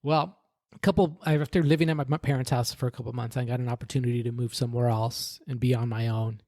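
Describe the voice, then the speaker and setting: A man's voice: medium pitch, steady tone, fast, darkish tone, dry recording, studio quality. A man, a podcast guest, earnestly tells his personal faith story in conversation, often restarting sentences and adding "right?".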